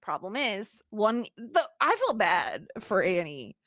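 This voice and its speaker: A woman's voice: mid-range voice, big pitch swings, slow pace, fairly bright tone, no echo, clean studio sound. A woman co-hosting a podcast, chatting about a film in a chatty, giggly way with sarcastic asides. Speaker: podcast co-host. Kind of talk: casual film discussion.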